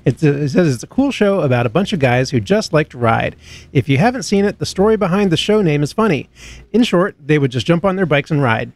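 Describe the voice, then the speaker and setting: A man's voice: on the high side, very animated, fairly quick, a little mellow. A man co-hosting a casual motorcycle podcast, reading listener emails aloud with easy laughs and small restarts. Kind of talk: casual chat. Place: home garage with a fan running.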